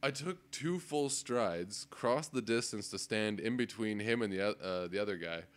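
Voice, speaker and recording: A man with a fairly low voice speaks at a moderate pace on a podcast, where he's a co-host. Using a desk microphone, he tells a casual story as an animated, profane storyteller, cursing often and laughing.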